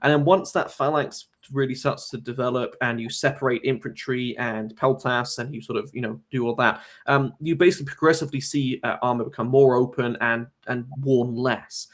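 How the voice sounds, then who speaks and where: A man's voice: mid-range voice, fairly even intonation, fairly quick, few pauses. A man appearing as a guest on a casual live stream, building long thoughtful points with fillers. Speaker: guest armor expert.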